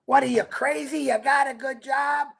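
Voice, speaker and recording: A man doing a quick imitation of a scoffing, dismissive male naysayer, with an incredulous, mocking tone. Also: very high-pitched, fairly even intonation, gravelly, fairly bright tone, exaggerated voice.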